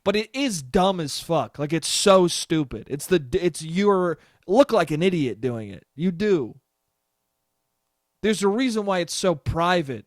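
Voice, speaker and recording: Young guy rambling on his solo podcast, kinda high voice, swears a ton, laughs at his own bits, super dry sound. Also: expressive, a little slow, no room sound. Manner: rambling, profane, laughs often. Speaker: podcast host. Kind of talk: solo casual podcast monologue.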